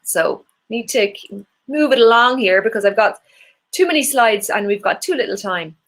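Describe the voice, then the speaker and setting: A woman's voice: a little high, expressive, normal speed. A woman with an Irish accent teaching an online singing workshop, encouraging and demonstrating vocal exercises. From Ireland.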